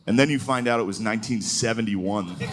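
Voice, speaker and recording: On stage before a live crowd, this man speaks fast in a lowish voice, and the recording is very noisy. His stand-up is loose and self-amused, full of mocking impressions, with the audience laughing along.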